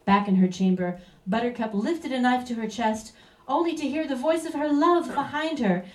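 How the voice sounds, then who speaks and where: A woman narrates a comic story in a theatrical, playful way, with a fairly high voice. The sound is roomy and comes from a distant mic. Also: moderate pace, darkish tone. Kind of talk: comic live story reading.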